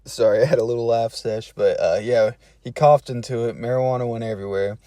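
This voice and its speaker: A man's voice: medium pitch, steady tone, a little fast, dark tone, no room sound, clean studio sound. A man telling a funny personal story in a laid-back, slangy way, chuckling between phrases. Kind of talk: casual storytelling.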